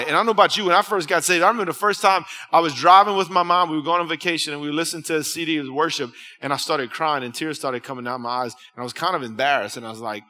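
Man, pastor, conversational sermon, bright forceful voice, fairly high, long hall reverb. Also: fast talker, hardly any pauses. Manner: conversational preaching, storytelling with restarts. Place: church hall.

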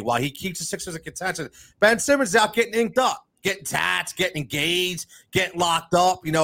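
In a dry recording, a man with a slightly high, bright voice rants heatedly on his sports podcast. The talk is casual and includes ad reads, and he repeats words as he builds momentum.

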